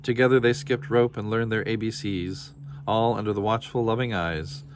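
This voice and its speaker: A man reading a children's storybook aloud with steady, expressive storytelling. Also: fairly low pitch, normal speed, noisy background. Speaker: storybook reader.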